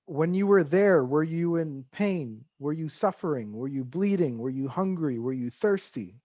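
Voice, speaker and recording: A man voicing a calm spiritual teacher who gently questions a troubled king. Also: a little high, a little slow, no echo, highs cut off.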